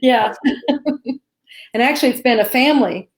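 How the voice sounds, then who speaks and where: Her voice a little high and her pace moderate, an Arkansas woman co-hosts a live spiritual Q&A from her home. She keeps things chatty and reassuring, with frequent laughter.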